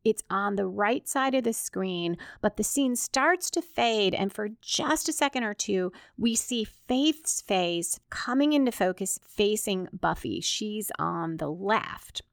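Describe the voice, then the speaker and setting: A woman hosting a podcast, describing and analyzing a TV episode scene by scene in a measured, detailed way. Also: mid-range voice, lively intonation, creaky, no room sound, studio quality. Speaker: podcast host.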